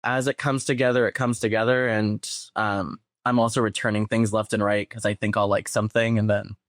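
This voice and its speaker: A man's voice: fairly low pitch, fairly quick, dry recording, clean studio sound. A young man from San Diego, a guest on a podcast, chatting casually and telling stories with a laugh. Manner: chatty, laughs often, animated storytelling. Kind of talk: casual chat.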